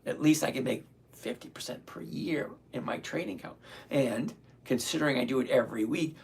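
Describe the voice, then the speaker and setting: A man in his sixties whose voice is going hoarse, hosting a live stream, explaining trades step by step and chatting with viewers in an upbeat way. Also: mid-range voice, fairly quick. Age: 60s. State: hoarse, voice giving out. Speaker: livestream host.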